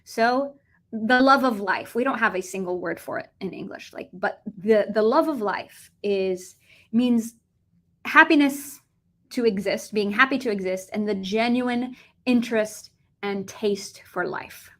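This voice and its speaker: A young American woman with a lively, animated delivery, teaching a Russian vocabulary lesson and switching between English and Russian. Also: mid-range voice, measured pace. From United States.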